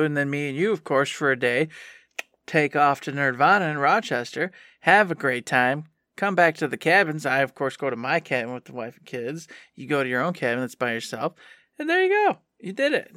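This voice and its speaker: A man with a bright, fairly high voice, co-hosting a gaming podcast in casual chat. He rambles happily through his stories. The sound is dry and close. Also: dry recording. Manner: excited, rambling storyteller. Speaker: podcast co-host.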